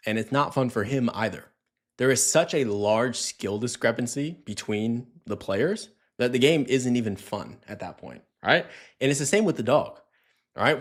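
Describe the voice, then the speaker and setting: A man giving a casual, conversational dog training lesson, often checking in with "right?" and acting out little scenes. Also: medium pitch. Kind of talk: casual instructional talk.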